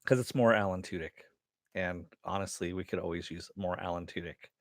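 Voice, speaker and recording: A man's voice: sits low, fairly even intonation, fairly quick, dry recording, studio quality. A man hosting a casual spoken review of a cartoon episode, rambling and laughing as he retells funny lines, with some cursing. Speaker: host reviewing animated episodes.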